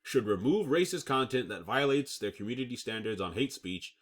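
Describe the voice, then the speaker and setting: Speaking a little fast in an expressive, medium-pitched voice, a man hosting his own channel reads news reports and comments on them with emphasis. He checks in with "okay?" often, stumbles over words, and laughs at himself.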